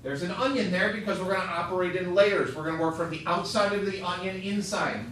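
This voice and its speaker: A man's voice: sits high, steady tone, brisk, a bit bright, slight background noise. A male math teacher lecturing a class, quizzing students with upbeat joking asides. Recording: echoey classroom, mic far off.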